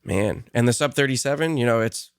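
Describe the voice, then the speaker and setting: A man's voice: mid-range voice, a little fast, clear, resonant tone, no echo, clean studio sound. A man co-hosting a podcast, talking casually and admiringly, laughing easily between points. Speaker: podcast co-host. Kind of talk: casual conversation about synths.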